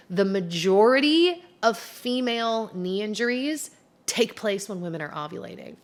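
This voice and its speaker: A woman vlogger telling a personal story to camera in a chatty, animated, self-described dramatic way, seated indoors. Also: fairly low pitch. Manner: chatty and animated, heavy use of "like". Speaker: YouTuber.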